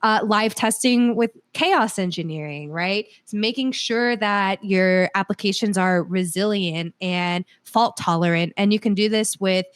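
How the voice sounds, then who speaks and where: A woman's voice: medium pitch, measured pace, hardly any pauses, smooth, no room sound. A woman speaking as a guest in a casual technical podcast discussion over a call, talking conversationally with fillers and restarts. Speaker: solutions architect guest.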